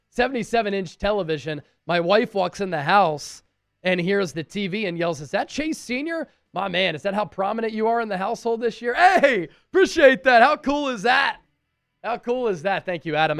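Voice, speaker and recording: High-voiced man hosting a fan stream. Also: dry recording, studio quality. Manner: reads out fan messages and thanks each sender. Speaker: sports stream host reading fan donations. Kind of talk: casual live sports chat.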